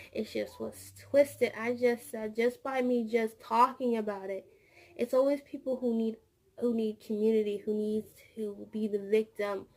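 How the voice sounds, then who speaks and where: A woman with a slightly high voice talks casually to her camera, looping back and repeating words as she goes. There is a gravelly fry running through her speech. She acts out the lines of the people in her story as she tells it. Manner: rambling, repeats words, acts out quoted dialogue. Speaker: vlogger; childcare teacher.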